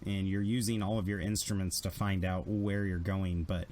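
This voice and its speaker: A man running a tabletop game as game master, telling the story in a casual, animated way with fillers. His voice sits fairly low. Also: normal speed, a little hiss or hum.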